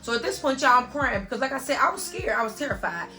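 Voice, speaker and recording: Earnest bright-voiced woman telling a story. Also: high voice, big pitch swings, fast talker, soft background music. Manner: earnest, talks straight to viewers with constant "y'all". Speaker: vlogger. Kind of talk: emotional story-time monologue.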